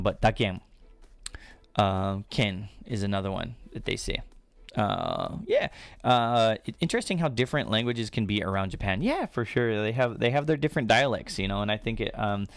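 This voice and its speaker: A man's voice: lowish voice, no echo. A man, hosting a casual live-stream Q&A and rambling with lots of fillers. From United States. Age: 30s. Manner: rambling, chatty, many fillers and restarts.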